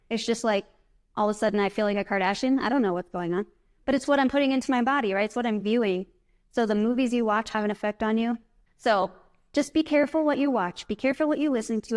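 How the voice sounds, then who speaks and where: A woman giving a casual, upbeat motivational talk to a live audience at a conference, chatty and full of fillers, guiding the room through breathing exercises. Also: on the high side. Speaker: motivational speaker. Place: conference presentation.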